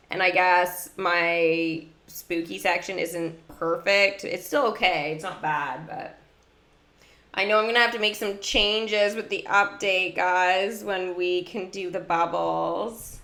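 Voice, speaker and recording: A woman's voice: on the low side, fairly bright tone. Giggly, chatty woman streamer, echoey room. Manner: chatty, giggly, heavy use of "like". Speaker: mobile game livestreamer. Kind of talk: casual gameplay livestream chat.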